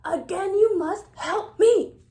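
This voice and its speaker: A woman voicing a fretful storybook king who pleads in a shrill voice. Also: expressive, fairly quick. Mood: frantic. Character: fretful king, a grown man, easily upset.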